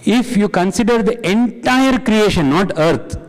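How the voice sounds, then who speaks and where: A man with a fairly high voice leads a spiritual study group, firing questions at the room and warmly affirming each answer. His words ring out with the long reverb of a large hall. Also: expressive, measured pace. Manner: questioning and encouraging the audience. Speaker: satsang discussion leader. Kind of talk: interactive spiritual class.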